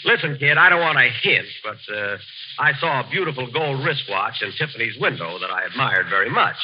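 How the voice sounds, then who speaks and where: A man's voice: mid-range voice, lively intonation, fairly quick, slight background noise. A man hosting a 1940s radio comedy, vain and indignant, hesitating with uh's. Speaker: comedian host. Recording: dull old radio broadcast.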